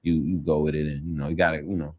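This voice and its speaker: A young man with a very deep voice answers interview questions. He talks in a laid-back, slangy way and fills his sentences with casual fillers. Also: little pitch movement, fast, narrow, tinny audio. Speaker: interview guest, football player. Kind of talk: relaxed interview conversation.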